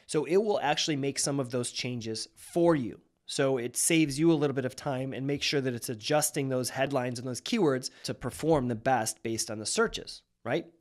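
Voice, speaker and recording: A man who founded a marketing agency, hosting a conversational explainer, sounding nasal and a little raspy after being sick. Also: medium pitch. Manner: energetic, conversational, with fillers. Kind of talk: direct-to-camera explainer.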